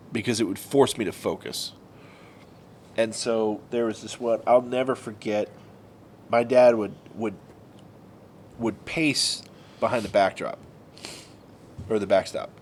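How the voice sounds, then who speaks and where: Casual storytelling man, faint rumble. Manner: storytelling, animated when acting out others. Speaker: podcast co-host. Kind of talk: casual chat.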